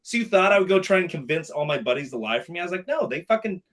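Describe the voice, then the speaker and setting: A middle-aged man telling a story in casual chat, animated and profane, acting out both sides of a conversation. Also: on the high side, rapid-fire. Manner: animated, acts out dialogue, swears often. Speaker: podcast guest telling a story.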